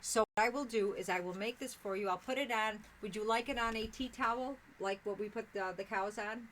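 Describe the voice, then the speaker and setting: A woman's voice: a little high, a little fast, a bit bright, a little hiss or hum, poor audio. An older woman chatting casually with viewers on a live stream from her sewing room, rambling with fillers and restarts.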